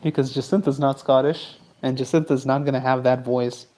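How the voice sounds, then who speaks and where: A man's voice: medium pitch, fairly even intonation, fairly quick, warm tone. A man streaming live, chatting casually and rambling as he answers his chat while he draws. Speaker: streamer and artist.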